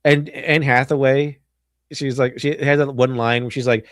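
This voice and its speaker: Male stream host, mid-pitched, rambling and sarcastic; dry, close sound. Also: little pitch movement, moderate pace, no echo. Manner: rambling, many restarts and fillers. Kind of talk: casual film commentary.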